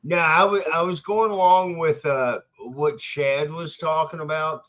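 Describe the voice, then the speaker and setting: A man talking in a loose group chat, a little higher than most men. He argues his points emphatically and lays out what-if scenarios. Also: steady tone, a little slow, a bit bright. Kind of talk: casual podcast chat.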